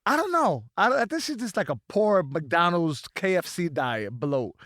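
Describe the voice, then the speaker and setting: A man, a comedian, telling stories on a podcast in an animated, profane, casual way. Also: sits high, normal speed, no echo, clean studio sound. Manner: animated storytelling, swears freely.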